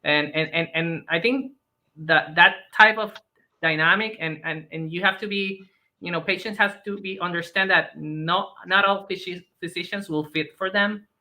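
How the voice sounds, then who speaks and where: A man's voice: high-pitched, fairly even intonation, moderate pace, bright, forceful tone, rough recording. A man joining a live video call as a guest, speaking earnestly and restarting his sentences often. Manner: earnest, hesitant with many restarts. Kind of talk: conversational advice.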